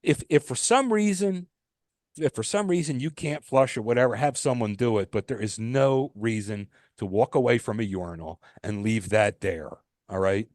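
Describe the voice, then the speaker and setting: A man's voice: medium pitch, moderate pace, darkish tone, no room sound. Guy ranting on his podcast, restarts a lot, dry close sound. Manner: emphatic ranting, frequent restarts. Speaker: podcast co-host. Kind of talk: casual podcast chat.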